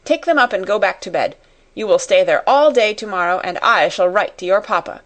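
A woman voicing a harsh headmistress who scolds and commands, her voice loud and cutting. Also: mid-range voice, lively intonation, a little fast, natural voice. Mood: furious.

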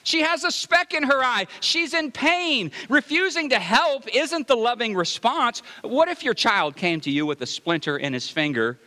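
A bright, high-pitched male pastor preaching with lively, conversational energy. He keeps asking his congregation questions. His voice rings out through the long reverb of a church sanctuary. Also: normal speed, few pauses. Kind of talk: sermon.

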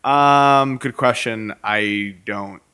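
Bright-voiced man in casual podcast chat. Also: mid-range voice, takes it slowly, clean tone. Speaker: podcast co-host.

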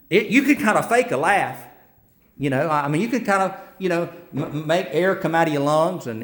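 A man preaching a sermon as pastor, earnest, repeating himself and restarting phrases. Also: fairly high pitch.

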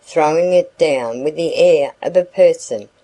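A woman reading a novel aloud as narrator, with measured, even storytelling. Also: sits low, low-quality recording. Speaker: audiobook narrator. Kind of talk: scripted narration.

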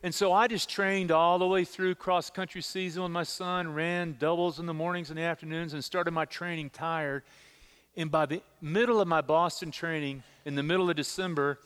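A middle-aged male pastor preaching a sermon, telling personal stories in an animated way and repeating words as he stresses them. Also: on the high side, moderate pace, smooth, big-room sound. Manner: animated storytelling, repeats words when emphasizing.

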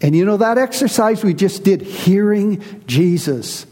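A pastor preaching a sermon to his congregation, earnest and emphatic, slowing down to stress key words. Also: sits high, lively intonation, warm tone. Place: church. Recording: reverberant hall.

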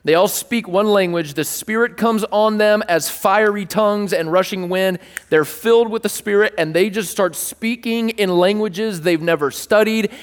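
A male pastor with a high, bright voice delivers a sermon in a church hall. He shifts between scripture reading and playful asides, joking with the congregation. The sound carries a long reverb. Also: moderate pace, hardly any pauses. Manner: playful and animated, jokes with the congregation. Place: church hall with a live audience.

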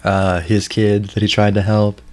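A man's voice: lowish voice, little pitch movement, measured pace. A man co-hosting a casual podcast, laid-back, swearing and laughing often. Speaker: podcast co-host.

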